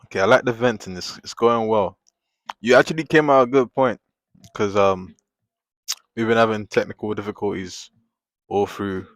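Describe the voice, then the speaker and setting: A man chatting casually on a live drawing stream, rambling and venting in animated bursts at a desk microphone at home. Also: on the low side, normal speed, long pauses, dry recording, studio quality. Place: home, at a table.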